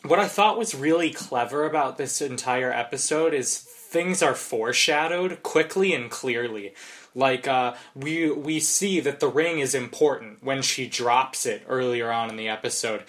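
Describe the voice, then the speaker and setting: A man's voice: mid-range voice, a little slow, a bit bright. A man talking eagerly in a casual podcast chat, often restarting his words. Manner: eager, stumbles over words.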